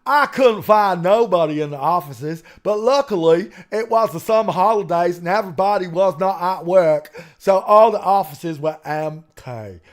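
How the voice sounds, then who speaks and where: A man voicing a male eyewitness with a put-on American redneck accent, speaking loudly and slowly. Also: sits high, lively intonation. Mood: recounting. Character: male eyewitness, shopkeeper, recounting a blast.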